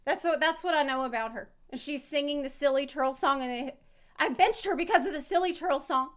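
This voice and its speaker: A woman's voice: high voice, fairly bright tone. A woman streamer reacting to a video, rambling and swearing in casual chat. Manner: rambling, swearing, self-mocking.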